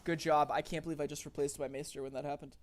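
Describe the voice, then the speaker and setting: A man's voice: on the high side, level tone, quick pace. A young man streaming a strategy game, chatting to his viewers, thinking aloud and getting easily exasperated. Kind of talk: casual gameplay commentary to chat.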